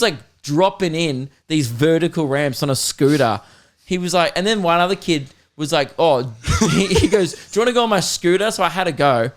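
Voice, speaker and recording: A young man hosting a podcast, telling a comic story in a casual, profane and laughing way with mock outrage. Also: fairly high pitch. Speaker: podcast host.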